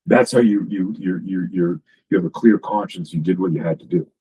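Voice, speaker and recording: A man's voice: low-pitched, fairly quick, dark tone, breathy edge, poor audio. A man, a self-defense coach, talking as a guest in a casual podcast conversation, emphatic and profane, piling up stories and restarting sentences.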